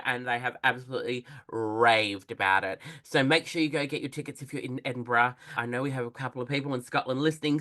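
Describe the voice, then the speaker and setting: Exuberant podcast host, bright voice. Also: mid-range voice. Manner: exuberant, gushing, swears freely. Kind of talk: casual podcast chat.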